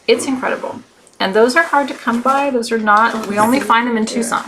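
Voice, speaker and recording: A woman's voice: a little high, a little fast, a crowd in the background. A woman hosting a live crystal shopping show, chatting in a gushing way with many fillers. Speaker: host selling crystals.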